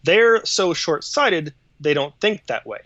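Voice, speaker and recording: A man co-hosting a casual political talk show, chiming in with quick, wry remarks. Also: on the high side, big pitch swings, a bit bright, no room sound. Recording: dull lo-fi, dry sound.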